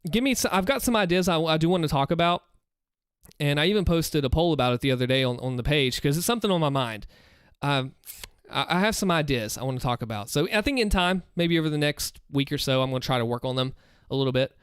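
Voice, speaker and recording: A man with a fairly high, smooth, clear voice talks earnestly to his stream viewers, rambling, restarting his sentences and giving advice. The sound is dry and close, from a desk mic in a room at home. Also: lively intonation, quick pace, no room sound. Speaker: streamer answering viewer questions. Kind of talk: casual live-stream chat. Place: home room, seated in a chair. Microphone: desk microphone.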